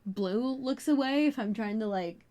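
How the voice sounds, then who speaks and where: A woman's voice: a little high, moderate pace, warm tone. A woman co-hosting a podcast, recapping a TV episode in casual chat, full of jokes and side remarks. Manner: chatty, jokey, tangents and side comments. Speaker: podcast co-host.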